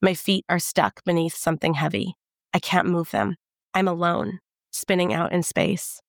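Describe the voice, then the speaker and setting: A woman giving a measured, intimate first-person audiobook narration. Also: fairly low pitch, lively intonation, gravelly, dry recording, clean studio sound.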